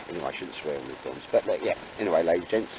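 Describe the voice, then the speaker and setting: A man's voice: low-pitched, expressive, fast, noisy background. A man chatting casually and jokily while camping in damp woods. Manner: chatty, jokey, laid-back. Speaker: vlogger. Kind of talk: casual outdoor chat.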